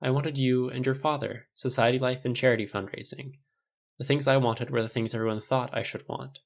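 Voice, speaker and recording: A man voicing a gentle, soft-spoken mother in an audiobook, speaking quietly and tenderly on a slightly dull lo-fi recording, with a gravelly edge to his voice. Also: medium pitch, steady tone, brisk, close to an everyday voice. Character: gentle, soft-spoken loving mother, middle-aged woman.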